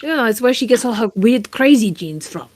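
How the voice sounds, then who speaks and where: A woman voicing a smooth-talking male pirate who teases bluntly. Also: on the high side, lively intonation, fairly quick, darkish tone, dry recording, studio quality. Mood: exasperated.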